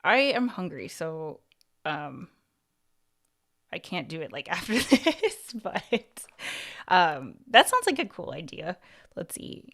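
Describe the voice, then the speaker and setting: A woman's voice: lowish voice, sing-song, slow pace, pauses often, fairly bright tone. A woman hosting a livestream and giving casual advice, talking in a chatty way that is full of "like" and "you know" and restarting her thoughts. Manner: restarts and repeats words mid-thought. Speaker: YouTube coach and livestream host.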